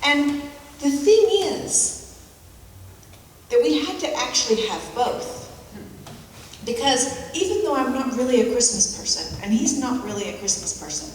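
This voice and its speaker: Her higher voice comes across as animated, though her storytelling stays reflective and halting, circling back to key phrases. She is an American speaker at a forum giving a storytelling public talk, recorded from a distant mic in a reverberant, echoey hall with background noise.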